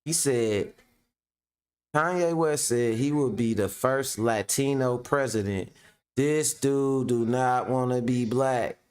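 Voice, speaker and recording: A man's voice: medium pitch, slow, darkish tone. A man hosting casual reaction commentary, blunt and profane, firing rhetorical questions and talking straight to his viewers. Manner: addresses viewers directly. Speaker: commentary host.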